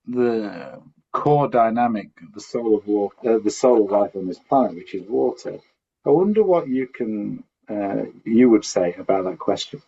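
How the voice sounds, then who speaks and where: A man's voice: on the low side, animated, normal speed, vocal fry, dark tone, breathy edge. A man from Northern England with a Northern English accent, asking a rambling, polite question on a call. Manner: polite, rambling, searching for words. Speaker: audience member asking a question. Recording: dull lo-fi call audio.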